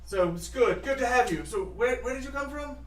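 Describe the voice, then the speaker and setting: A man's voice: very high-pitched, lively intonation, fairly quick, a bit bright, reverberant, distant mic, voice pushed up. A man voicing a flustered, out-of-breath village mayor who stammers and apologizes.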